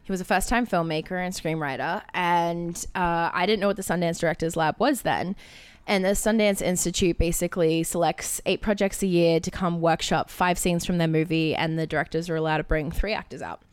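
Chatty young Australian woman, smooth voice. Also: fairly low pitch, steady tone, fairly quick, dry recording. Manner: chatty storyteller, quotes others, laughs often. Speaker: actress, interview guest. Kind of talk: casual interview chat.

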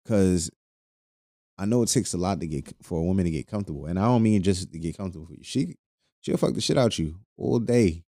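A man's voice: low voice, lively intonation, brisk, warm tone, no room sound, studio quality. A man hosting a podcast, ranting crudely and jokingly in a loose, rambling way, laughing often. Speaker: podcast host. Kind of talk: casual podcast rant.

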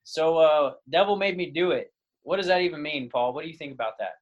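A man's voice: on the high side, fast, highs cut off. A man co-hosting a podcast, friendly and full of questions. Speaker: podcast co-host. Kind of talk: casual podcast conversation.

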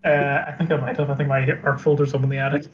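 A man's voice: mid-range voice, flat delivery, quick pace, crowd noise. A young man in casual chat with friends, giving laid-back, short replies. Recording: dull sound with clear background noise.

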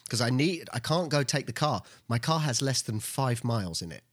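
A man's voice: mid-range voice, expressive, moderate pace, fairly bright tone. A man co-hosting a podcast, rambling through anecdotes with frequent restarts and easy laughter. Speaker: podcast co-host. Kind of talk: casual chat.

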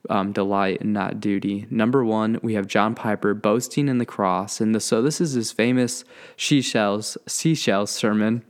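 A young man chatting casually to his viewers in a laid-back way, with lots of fillers and easy laughs. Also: fairly low pitch. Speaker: vlogger. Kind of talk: casual talk.

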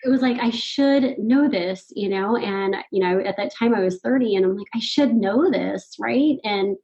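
A middle-aged woman, a podcast guest, telling a personal story in casual conversation, animated and laughing often. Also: mid-range voice, moderate pace, lo-fi sound. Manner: animated, laughs often, quotes her own thoughts.

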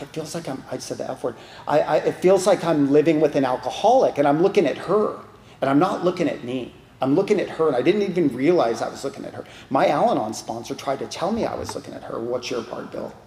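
A man's voice: mid-range voice, vocal fry, a little mellow, echoey room, slight background noise. A man giving a candid, rambling, emotional personal share at a support group meeting, often restarting his sentences. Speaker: recovery meeting speaker. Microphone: online video call.

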